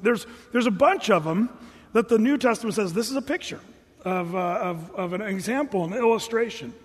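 A man's voice: sits high, slightly rough. A man preaching a sermon, telling stories casually and acting out the voices of the people in them. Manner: casual, animated storytelling with voiced quotes. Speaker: pastor. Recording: reverberant hall.

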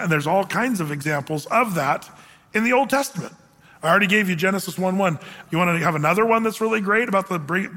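A male pastor preaches in a bright, high voice, his words ringing out in a long hall echo. He teaches conversationally, reading scripture aloud and asking his congregation questions. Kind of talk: verse-by-verse Bible teaching sermon.

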